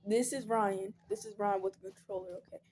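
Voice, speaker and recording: A woman's voice: mid-range voice, fairly even intonation, fairly quick, noisy background. A teenage girl telling a personal story in a casual storytime vlog. She rambles, fills her talk with "like" and "um", and acts out the people she quotes.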